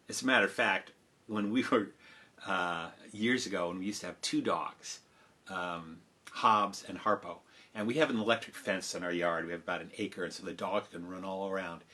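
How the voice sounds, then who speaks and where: A man telling stories and chatting between songs on a livestream, animated and chatty, breaking into sound effects. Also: medium pitch, husky. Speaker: children's storyteller and singer.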